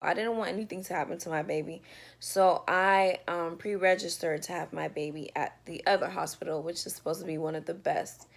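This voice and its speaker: Her voice fairly low, steady, and creaky, a woman briskly recounts her birth story in a relaxed bedroom storytime vlog. She talks in a loose, chatty way, filling her speech with lots of fillers.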